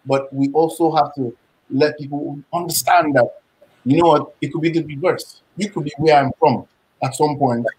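A man with a Nigerian accent speaks on a live panel, his voice sitting a little higher than most men's. He talks emphatically and proudly, and he tells everyday stories in which he acts out both sides of the exchange. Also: fairly even intonation, moderate pace, darkish tone, slight background noise, rough recording. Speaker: panel guest.

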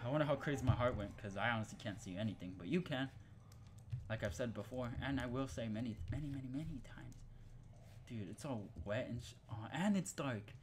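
A man's voice: mid-range voice, a little fast, background noise. Jokey, profane young gamer man. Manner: jokey and profane, swinging from muttering to panicked yelling. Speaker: gaming channel host. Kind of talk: horror game commentary.

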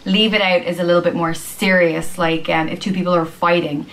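A woman from Ireland with an Irish accent, patiently explaining slang phrases and acting out examples, with frequent pauses and "um". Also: fairly low pitch, steady tone, a bit bright, rough recording. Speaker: slang teacher in a video.

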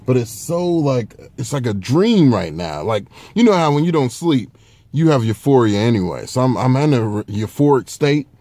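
A sleep-deprived man hosting a casual food review vlog from a parked car, talking into his phone, excitable and profane as he gushes over food. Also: mid-range voice, normal speed, no room sound. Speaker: food-review vlogger, show host.

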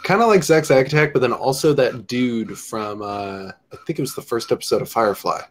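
A man's voice: mid-range voice, a little fast. A man hosting a casual chat, joking crudely and teasing his guests. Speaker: host.

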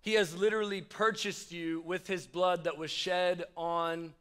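A young man preaching a chatty youth sermon. His voice sits high and sounds bright and clear. He jokes and turns to speak directly to his listeners. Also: fairly even intonation, measured pace. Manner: chatty, joking, addresses the crowd directly. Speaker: youth pastor. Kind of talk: casual youth sermon with stories.

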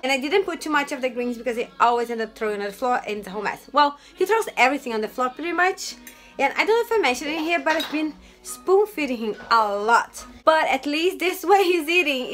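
A young mother talks through her day at home in a high voice, chatty and excitable, often turning to her viewers. Her tone is bright and forward. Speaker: vlogger, stay-at-home mom. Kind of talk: casual daily vlog chat.

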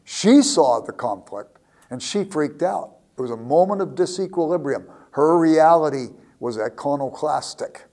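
A man's voice: fairly high pitch, lively intonation, measured pace, a little mellow. A man giving a lecture, telling a classroom anecdote and often repeating words as he starts a thought. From United States. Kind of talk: storytelling lecture.

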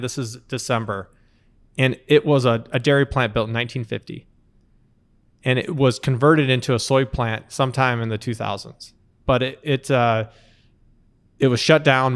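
A man in his thirties, an interview guest, telling lively anecdotes in conversation and acting out quotes along the way. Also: medium pitch. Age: 30s. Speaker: company co-founder, interview guest. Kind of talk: conversational storytelling.

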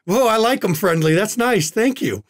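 A man's voice: sits high, expressive, normal speed, pitched above the performer's own voice. A man voicing a friendly, easygoing young man with a slight build in a tabletop game.

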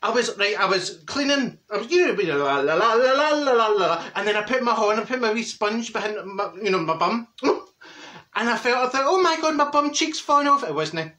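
Here a man takes on the role of a chatty, cheeky older woman from Glasgow, telling gossip-filled stories in a Glaswegian accent and laughing at her own jokes with a cackle. His voice is high, bright and forceful, at a normal speed, in a comic monologue.

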